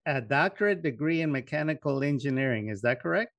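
A man's voice: mid-range voice, lively intonation, a little fast, vocal fry, fairly bright tone, dry recording. A man hosting an interview, asking long, earnest questions. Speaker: host.

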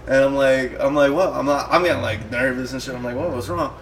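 Speaking fast with few pauses, a man in his thirties who hosts a podcast laughs his way through a meandering, foul-mouthed story in relaxed conversation. His voice is mid-range, and there's slight background noise. Loud music plays behind a distant mic.

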